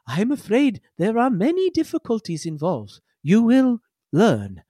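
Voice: mid-range voice, very animated, a little slow, warm tone, husky, dry recording, clean studio sound, voice pushed up. A game master voicing a polite, earnest spider-legged research robot that talks formally and hesitantly.

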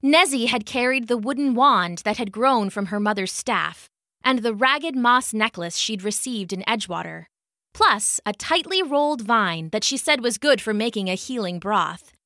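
Woman reading a storybook, lively, bright voice, dry close sound. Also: on the high side, moderate pace, dry recording. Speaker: narrator. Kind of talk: storybook narration.

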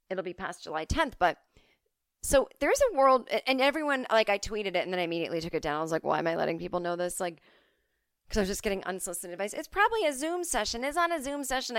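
Podcast host, female, foul-mouthed ranter, smooth voice, dry close-mic sound. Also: medium pitch, no echo. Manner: blunt, profane, self-deprecating rants. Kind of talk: solo comedic podcast monologue.

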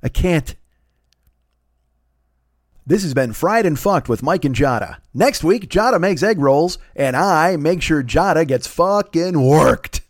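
A man's voice: fairly high pitch, lively intonation, slow, no echo, studio quality. A man in his forties hosting a comedy podcast, ranting in an exasperated, profane, rambling way with stammered restarts. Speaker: podcast host. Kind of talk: comedic rant.

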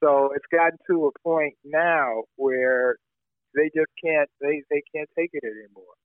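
A man's voice: fairly high pitch, fairly even intonation, measured pace, dry recording. A man talking as a journalist guest in an interview, building his points earnestly with pointed examples over a phone call. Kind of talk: conversational interview. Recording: tinny phone line.

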